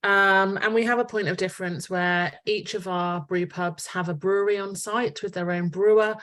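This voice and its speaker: A woman's voice: mid-range voice, steady tone, normal speed, fairly bright tone. A woman speaking as a panel guest, friendly and chatty, laughing easily. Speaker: guest from a pub chain. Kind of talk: panel interview.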